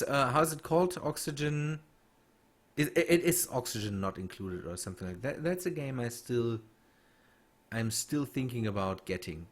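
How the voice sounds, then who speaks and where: A man streaming a game and chatting with viewers, halting and restarting as he reads chat. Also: on the low side. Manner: halting, many restarts and fillers while reading chat. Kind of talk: casual gameplay stream chat.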